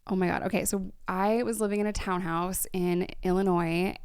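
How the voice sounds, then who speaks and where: A woman's voice: fairly low pitch, fairly even intonation, moderate pace, a little mellow, clean tone, dry recording, clean studio sound. A woman in long-term recovery, chatting casually as she reacts to her own old videos, laughing often and sometimes dropping to a whisper. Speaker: YouTuber in recovery.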